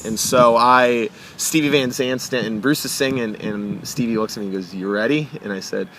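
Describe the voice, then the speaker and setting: A young man tells an excited story from a car. He is animated and acts out every quote, with a low hum of traffic outside. His voice sits at an ordinary middle pitch. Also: normal speed. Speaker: interview guest.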